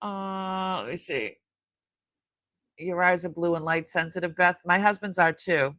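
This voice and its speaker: A woman's voice: fairly low pitch, measured pace, fairly bright tone, no room sound. A middle-aged woman hosting a live jewelry sale, chatting casually with her viewers, often laughing and trailing off mid-sentence. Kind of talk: casual live-stream chat.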